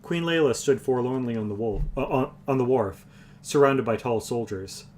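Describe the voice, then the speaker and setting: A man reads a fantasy novel aloud, in an even, unhurried voice of middle pitch. Now and then he restarts a phrase. A faint hum runs underneath his home livestream. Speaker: reader.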